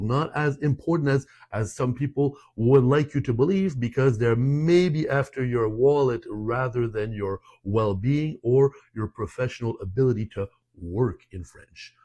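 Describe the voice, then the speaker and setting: A man explains how French exams are graded, in the persuasive, conversational manner of an online language teacher. He slips French terms into his English and often restarts his sentences mid-thought. His voice sits at an everyday, middle pitch. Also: darkish tone. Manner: frequent restarts and asides. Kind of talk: online lesson talk.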